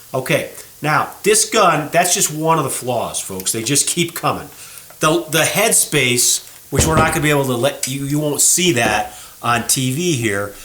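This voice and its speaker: Here a gunsmithing show host with a fairly high voice chats in an echoey gun shop workroom. As shop owner, he casually explains and shows flaws on a gun, folksy and animated, speaking to viewers as folks.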